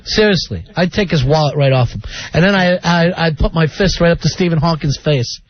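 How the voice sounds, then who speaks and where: A man co-hosting a comedic talk radio show, ranting sarcastically and loudly. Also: a little high, fairly quick. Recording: dull lo-fi radio recording.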